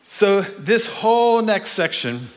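An animated man delivers a sermon, firing off rhetorical questions and now and then slipping into voices to act out the story. His voice sits a little high for a man. The sound carries a long reverb, as in a big hall. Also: slow pace. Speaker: speaker. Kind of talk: sermon teaching.

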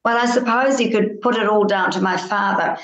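A woman from New with a slightly croaky voice, telling stories chattily as a radio interview guest. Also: medium pitch, brisk. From New Zealand. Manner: chatty storytelling. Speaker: guest, cat charity founder. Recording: roomy echo.

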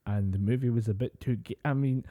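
Laughing man, mellow voice. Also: mid-range voice, fairly quick. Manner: laughing, joking along. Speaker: podcast co-host. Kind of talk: casual chat.

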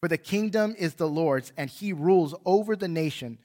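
Male pastor, higher-pitched, earnest preacher who reads scripture with dramatic swells and quiet drops. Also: moderate pace. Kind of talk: sermon with scripture reading. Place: church sanctuary.

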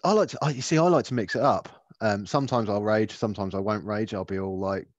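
Man, podcast co-host, low voice, laughs often, dry dull sound. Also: fast, no room sound. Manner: laid-back, swearing, laughs often. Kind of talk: casual chat.

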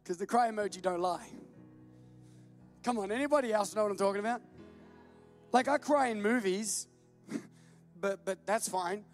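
A man preaching with a very high, light voice, joking about himself and breaking into laughter as he tells stories. Faint music sits under his sermon. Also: normal speed, pauses often. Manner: self-deprecating, animated storytelling with laughs. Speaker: pastor. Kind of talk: humorous sermon.

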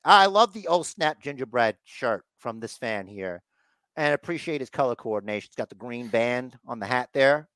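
A man co-hosting a podcast sounds animated and fairly bright, medium in pitch, speaking at normal speed on clean audio with no room sound. Chatting casually about a wrestling show, he performs the wrestlers' lines in mock voices.

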